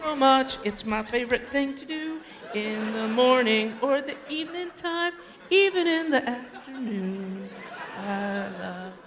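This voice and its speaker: A comedian doing a blissed-out junkie who gushes in a floaty, sing-song way, pitched higher than his normal voice. The voice keeps drifting dreamily from phrase to phrase during a live stand-up act-out. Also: a little slow, long reverb tail, background noise. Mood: dreamy. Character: blissed-out heroin junkie rambling happily.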